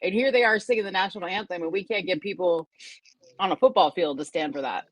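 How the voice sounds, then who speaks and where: A woman co-hosting a podcast, talking casually and reacting with quick interjections. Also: fairly low pitch, no echo. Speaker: podcast co-host. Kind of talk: casual chat.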